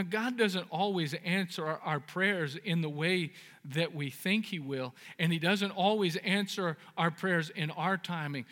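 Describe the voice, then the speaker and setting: High, bright-voiced preacher in a reverberant hall. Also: male voice. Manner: earnest preaching, building to emphatic peaks; folksy storytelling with jokes. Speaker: pastor. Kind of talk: sermon.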